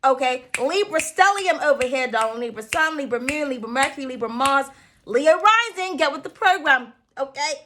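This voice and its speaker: A woman's voice: high voice, lively intonation, normal speed, noisy background. A young woman giving a casual tarot reading to her viewers, playful and loose, swearing freely and calling them darling. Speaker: tarot reader.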